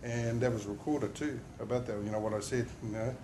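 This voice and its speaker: A man's voice: medium pitch, fairly even intonation, brisk, dark tone, a little hiss or hum. Emotional man telling his story with fillers. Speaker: injured worker sharing his story. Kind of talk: safety talk testimony.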